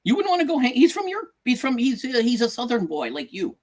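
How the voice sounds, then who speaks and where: A man's voice: extremely high pitch, huge pitch swings, fast talker. A middle-aged man co-hosting a podcast in casual chat, joking and repeating himself. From outside the United States. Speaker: podcast co-host.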